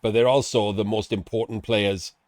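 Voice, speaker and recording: A man casting a live tabletop-style video game match, chatty and excitable, laughing and swearing casually as he explains the plays. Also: lowish voice, moderate pace, no room sound. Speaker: esports commentator.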